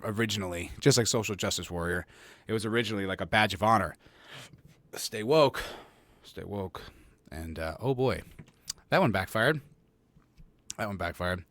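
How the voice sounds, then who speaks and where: A man's voice: low voice, a bit bright, no echo. A man hosting his own podcast, talking casually and sarcastically, rambling and swearing, often laughing at his own jokes, on a close desk mic at home. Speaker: podcast host. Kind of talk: casual solo commentary.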